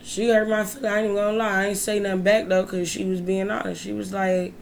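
A woman's voice: medium pitch, fast talker, gravelly, a little hiss or hum. A woman in casual chat, blunt and profane, telling stories with lots of energy. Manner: blunt, profane, animated storyteller. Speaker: co-host.

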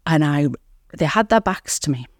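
A woman guest in an interview, telling her recovery story in an earnest, reflective way with pauses. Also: deep voice, animated, no room sound, clean studio sound. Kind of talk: candid interview talk.

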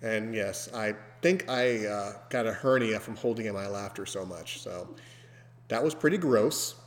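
A man hosting a podcast, telling a story casually and breaking into loud, animated mimicry of screams. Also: lowish voice, measured pace. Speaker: podcast host. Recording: long hall reverb.

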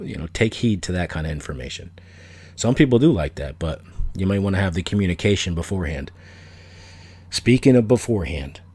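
A man's voice: deep voice, darkish tone. A middle-aged man hosting a solo podcast, talking casually in a blunt, opinionated, rambling way that repeats itself. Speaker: podcast host.

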